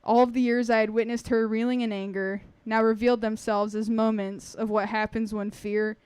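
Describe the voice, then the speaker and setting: A woman's voice: on the high side, level tone, normal speed, a little mellow, smooth, dry recording. Woman reading her own story aloud.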